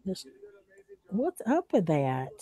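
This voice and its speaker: A woman with a Southern accent chats loosely on a home livestream, drawling and laughing between remarks. Her voice sits low and sounds mellow and warm. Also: huge pitch swings, slow pace, slightly rough. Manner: chatty, drawling, laughs often. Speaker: livestream host. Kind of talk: casual livestream chat.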